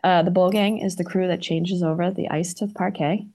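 A woman with a Boston accent, talking as a podcast guest in a chatty, animated way full of fillers. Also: fairly low pitch, brisk. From Boston, USA. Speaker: guest, arena marketing director. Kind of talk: casual podcast chat.

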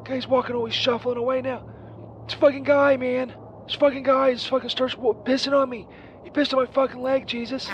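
Shrill, profane saint; rambling, quick to rage; muffled voicemail line. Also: male voice, flat delivery, a little hiss or hum. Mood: furious. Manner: rambling, profane, easily enraged. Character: crude, hapless grown male saint stranded on the road. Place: half-broken street phone booth.

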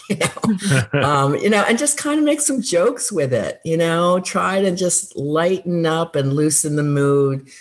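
A woman who worked as a school counselor, giving earnest, encouraging advice in a relaxed interview, with frequent fillers. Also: deep voice, measured pace. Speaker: former school counselor, guest. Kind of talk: conversational interview answers.

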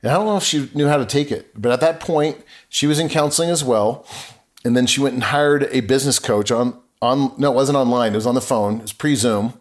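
A man's voice: medium pitch, fairly quick. A middle-aged man talking as a podcast guest, telling a personal story earnestly and acting out remembered conversations. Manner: earnest, acts out remembered dialogue.

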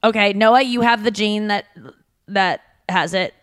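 A woman's voice: medium pitch, measured pace. Chatty woman co-hosting a podcast. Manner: chatty, reading out fun facts and posts. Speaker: podcast co-host. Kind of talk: casual podcast chat.

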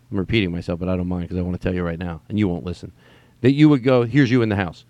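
A man's voice: sits low, very fast, warm tone, no room sound. A man hosting a solo podcast from home, rambling and swearing, often restarting his sentences. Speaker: podcast host. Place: at home during quarantine.

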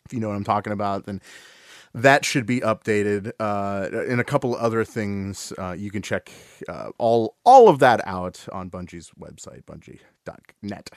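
A man hosting a casual gaming podcast, talking in a relaxed way with lots of fillers and restarts. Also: on the low side, normal speed, no room sound, studio quality. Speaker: podcast host.

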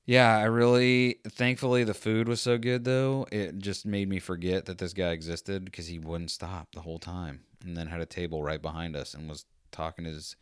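Guy with a low smooth voice rambling through a story about an annoying waiter, dry close mic. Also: normal speed, few pauses, no room sound. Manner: rambling, animated, acts out quotes. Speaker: podcast host. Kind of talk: casual storytelling monologue.

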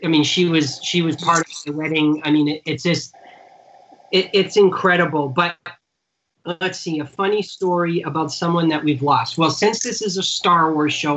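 A man's voice: on the high side, normal speed, a bit bright, slight background noise. A man who manages celebrities, telling long rambling anecdotes in casual conversation over a remote call. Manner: chatty, rambling anecdotes with restarts. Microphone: remote call audio. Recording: dull lo-fi call audio.

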